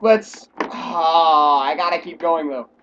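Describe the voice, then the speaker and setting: A man's voice: on the high side, takes it slowly, a bit bright, recorded from a distance, highs cut off, a little hiss or hum. Jumpy joking man in an echoey room. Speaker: gaming channel host. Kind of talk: horror game commentary. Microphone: distant from the mic.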